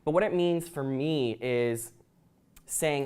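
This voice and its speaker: A man's voice: mid-range voice, sing-song, a little slow, darkish tone, smooth. A young man giving a prepared talk to an audience, earnest and reflective, with occasional ums. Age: young adult. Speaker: student speaker.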